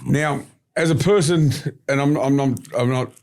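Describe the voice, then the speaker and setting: A middle-aged Australian man speaks as a podcast guest, circling back through his stories with heavy emphasis. His voice sits at an ordinary middle pitch. He digresses often, then drives his point home. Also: moderate pace, a little mellow. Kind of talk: storytelling interview talk.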